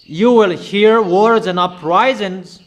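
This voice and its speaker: A man with a notably high voice delivers a sermon, hammering his points home through repetition. His delivery is declamatory and insistent. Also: slow. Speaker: preacher.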